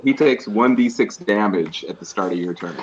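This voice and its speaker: A man playing a tabletop game, describing his spells in an animated way. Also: on the low side, moderate pace. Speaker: player. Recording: dull lo-fi mic with clear hiss.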